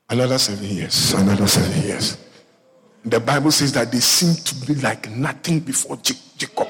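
A male pastor preaching a sermon, telling a Bible story with lively acted-out voices and calling out to his congregation. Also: medium pitch, a little fast, husky. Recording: echoey hall reverb.

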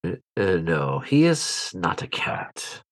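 A man's voice: low voice, sing-song, takes it slowly, no echo, exaggerated voice. A man voicing a captured male cultist who gives grudging, evasive answers in a tabletop game.

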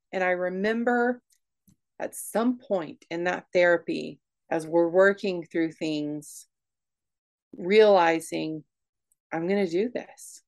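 A woman telling a raw personal story in an interview, candid and emotional, speaking in quick bursts with frequent restarts. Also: lowish voice. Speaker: guest.

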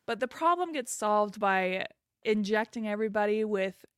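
Woman, podcast co-host, giggly, animated, mid-pitched voice, dry close sound. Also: moderate pace, clean tone, dry recording. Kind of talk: casual chat.

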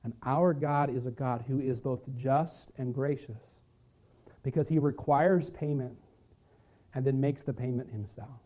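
Dynamic preaching man, mellow voice. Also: mid-range voice, unhurried. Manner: preaching with wide swings from loud emphasis to hushed lines. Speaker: pastor. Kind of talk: sermon.

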